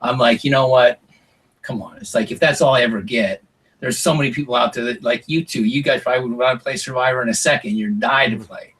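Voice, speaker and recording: Husky, bright-voiced man rambling through a story. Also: mid-range voice, fast, rough recording. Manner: rambling, full of "like" and "you know", restarts. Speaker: interview guest, former reality show contestant. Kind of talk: casual interview storytelling.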